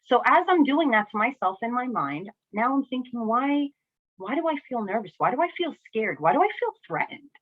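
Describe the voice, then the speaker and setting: A woman's voice: a little high, very animated, normal speed. A woman candidly talking through her own experiences in a reflective personal vlog, often checking in with "right?" and "you know?". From New Jersey. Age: adult, a single mother. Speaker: vlogger sharing personal experience. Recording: tinny phone-like audio.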